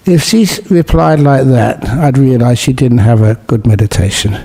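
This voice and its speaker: A Buddhist monk giving a relaxed dharma talk at a city meditation centre, teaching gently and mixing in humorous stories. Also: male voice, mid-range voice, moderate pace, creaky, hardly any pauses, breathy edge. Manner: humorous, storytelling with jokes.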